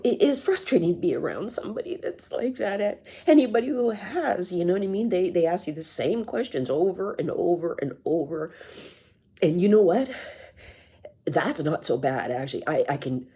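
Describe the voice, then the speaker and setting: Woman, middle-aged, personal vlog, halting, sighing, low, husky. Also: dark tone. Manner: halting, repeats words, sighs. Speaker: vlogger.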